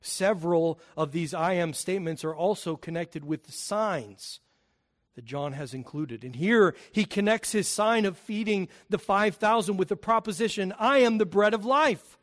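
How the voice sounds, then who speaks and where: A man preaching a sermon, emphatic, swelling loud on key phrases and dropping low and quiet between them. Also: normal speed.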